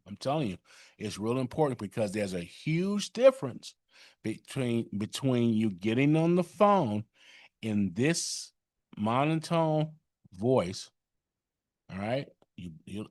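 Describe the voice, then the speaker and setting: A man's voice: medium pitch, darkish tone, no echo. A man leading a sales training session on a call, coaching in a conversational way with lots of fillers and check-ins.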